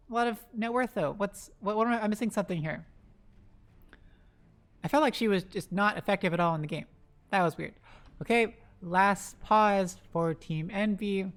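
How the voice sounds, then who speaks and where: An esports caster giving live play-by-play commentary, rapid-fire and excitable, breaking into loud exclamations and talking to the players on screen. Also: mid-range voice. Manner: talks to the players on screen, self-deprecating asides.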